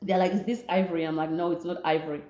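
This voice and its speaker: Animated young Namibian woman telling a story. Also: fairly low pitch, very fast, echoey room. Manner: animated, laughing, mixes in local words. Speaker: vlogger. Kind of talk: storytime chat.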